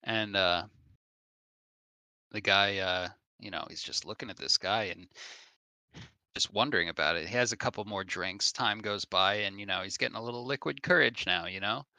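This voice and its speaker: A man's voice: lowish voice, normal speed, gravelly, pushed and bright, no room sound. A man streaming a game, telling a long joke in a rambling way with lots of fillers. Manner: rambling storyteller with many fillers.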